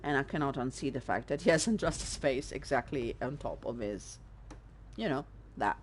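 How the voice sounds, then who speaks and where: A woman's voice: a bass voice, lively intonation, normal speed, slight background noise. A woman hosting a let's play, chatting casually over gameplay with sarcastic asides and frequent fillers.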